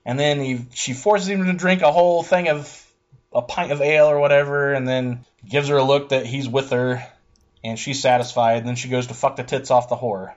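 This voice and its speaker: A man casually recapping a TV episode as a podcast co-host, swearing freely and quickly paraphrasing the characters. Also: medium pitch, dull audio. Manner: profane, animated, paraphrases characters in quick asides.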